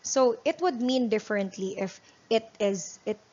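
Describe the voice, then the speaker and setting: A woman's voice: a little high, animated, normal speed, darkish tone, muffled recording. A woman instructor with a Filipino accent giving a classroom lecture, explaining step by step and often checking in with her listeners. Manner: explanatory, repeats and restarts words, checks understanding with "right?".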